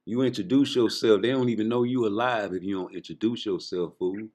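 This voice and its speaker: A man's voice: lowish voice, steady tone, brisk, a little mellow. Insistent man coaching in casual banter. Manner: coaching, insistent, repeats himself.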